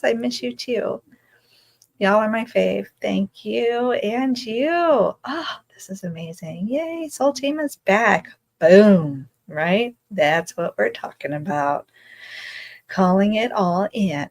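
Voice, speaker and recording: A woman's voice: fairly high pitch, creaky, poor audio. A woman hosting a casual self-care livestream, bubbly and effusive as she greets viewers and reads their comments aloud.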